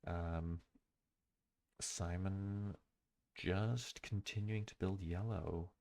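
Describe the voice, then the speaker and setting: A man's voice: low voice, fairly even intonation, very slow, vocal fry, darkish tone. A man giving casual commentary on a board game replay, thinking aloud with many fillers and self-corrections.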